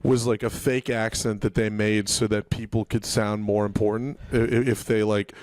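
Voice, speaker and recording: A man's voice: fairly low pitch, normal speed, dry recording. A man from the United States co-hosting a comedy podcast, rambling with lots of fillers. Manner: rambling, filler-heavy, deadpan jokes. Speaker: podcast co-host.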